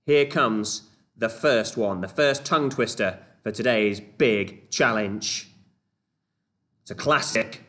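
Male children's club leader, playful and encouraging, medium pitch. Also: measured pace, a bit bright. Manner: playful, encouraging, mock-exasperated exclamations. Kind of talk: online children's club presentation.

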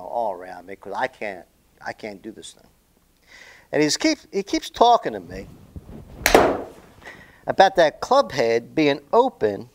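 A man telling a golf lesson story in a casual, rambling monologue, animated and a bit salty. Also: fairly high pitch. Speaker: golf vlogger.

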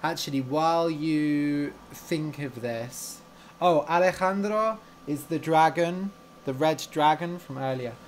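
Slow, relaxed male language teacher. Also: fairly high pitch, a little hiss or hum. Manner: slow, clear, explains words and asks viewers questions; relaxed and chatty. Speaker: English teacher and storyteller. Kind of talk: interactive live-stream story lesson.

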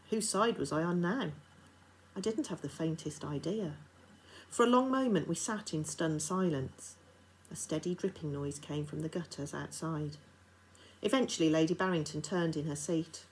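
A teacher reading a children's novel aloud to her class, her voice low for a woman. The narration is steady and expressive. A faint background hiss runs under it. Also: normal speed, low-quality recording.

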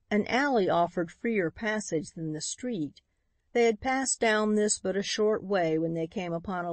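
A woman reads an audiobook in a steady, even narrating voice. Her pitch sits slightly low. The recording is close and dry, with no room sound. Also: dry recording. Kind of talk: scripted narration.

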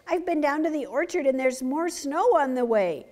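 A woman voicing an urgent, excitable young fox. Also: sits high, moderate pace, voice pushed up. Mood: alarmed, urgent. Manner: breathless, urgent exclaiming. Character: excitable young male fox, eager and fussy. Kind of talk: storybook read-aloud.

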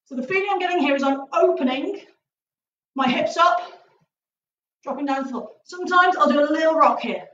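The high-pitched, slightly bright voice of a female martial arts instructor comes a little fast, with frequent pauses, as she runs a live online stretching session full of chatty, cheerful banter and jokey asides. The audio is distant and roomy, dull, with a faint noise underneath.

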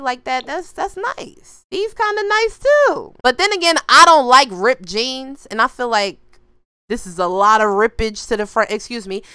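A young woman talks her viewers through a game in an animated, slangy voice that jumps high and swoops around. Her tone is bright and clean, recorded dry and close to the mic. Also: clear, resonant tone, no echo. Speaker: gaming YouTuber. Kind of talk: casual gameplay commentary.

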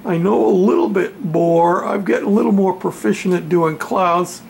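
A man in his home hobby workshop, casually showing his model railroad backdrop in an unhurried, halting way with lots of fillers. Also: sits high, creaky, darkish tone, a little hiss or hum. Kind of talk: casual show-and-tell.

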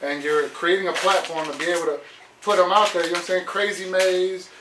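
A man's voice: high-pitched, fairly even intonation, fairly quick, recorded from a distance. A man co-hosting a live stream, reading comments and joking casually, with lots of "you know what I'm saying". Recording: echoey room, voice off-mic, faint noise.

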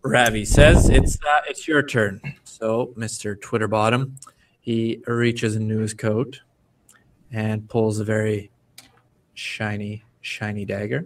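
A man running a tabletop role-playing game as game master, narrating the scene with lively storytelling. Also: on the low side, slow, far from the mic, slight background noise. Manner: lively storytelling, slipping into character voices.

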